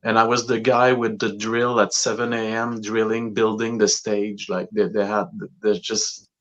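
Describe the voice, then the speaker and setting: A man tells stories as a podcast guest. His voice sits low and the recording sounds dull and lo-fi. He rambles, restarting sentences and filling gaps with "uh" and "like". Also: level tone, normal speed, fairly bright tone. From Quebec, Canada. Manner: rambling, many fillers and restarts. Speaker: guest musician. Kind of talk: casual storytelling interview.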